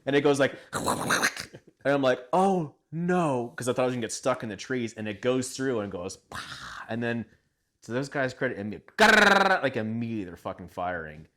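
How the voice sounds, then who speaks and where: A man, a military veteran, recalling combat in casual conversation, halting and emotional, often laughing as he remembers. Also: mid-range voice, lively intonation, bright, forceful tone.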